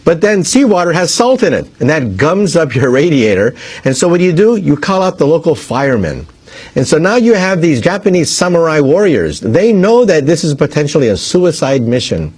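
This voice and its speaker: A man's voice: a little high, very animated, normal speed, a little mellow, slightly rough. A man explaining a nuclear accident as an expert, building long everyday analogies step by step. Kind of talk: explanatory interview speech.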